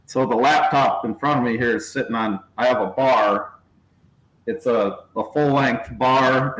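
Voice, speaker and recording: A man chatting casually on a video call from his small workshop office, telling a long story, stopping to laugh and putting on voices. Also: mid-range voice. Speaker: channel host. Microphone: laptop. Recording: echoey room.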